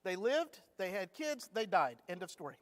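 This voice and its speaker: Male Bible class teacher, high-pitched, conversational and humorous storyteller, church room with long reverb. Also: very animated, moderate pace. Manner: chatty storyteller acting out anecdotes with humor.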